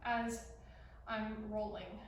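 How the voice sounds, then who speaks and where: A young woman draws out her words in a mid-range voice with fairly even intonation, teaching a beginner dance routine as she performs it. She counts, slips in sung lyric snippets, and is occasionally winded during the casual lesson. Recorded far from the mic in a very echoey room, the clip has a little hiss or hum.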